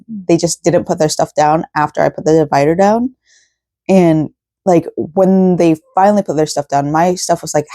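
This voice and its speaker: Mellow-voiced woman rambling through a vlog. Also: low voice, dry recording, studio quality. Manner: rambling, full of "like" fillers. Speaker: craft vlogger. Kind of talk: casual vlog chat. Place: at home at night.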